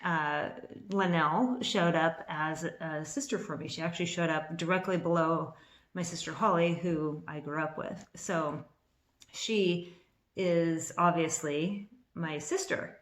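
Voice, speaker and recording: A woman in her fifties telling a personal story to camera in an excitable, rambling way, a little nervous, with restarts and bursts of laughter. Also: low voice, measured pace. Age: 50s. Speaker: vlogger. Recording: echoey room.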